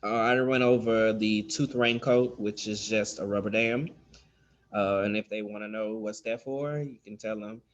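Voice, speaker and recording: A man's voice: on the low side, steady tone, normal speed, lo-fi sound. A man giving a casual spoken lesson on dental terms, loose and chatty with many fillers, acting out how children and staff talk. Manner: loose and conversational, many ums, acts out kid talk. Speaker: dental instructor.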